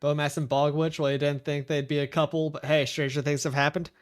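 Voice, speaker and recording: A man streaming a video game, chatting in a casual, rambling way and talking softly to his pet. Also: fairly high pitch, flat delivery, a little fast, soft background music. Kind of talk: casual chat while gaming.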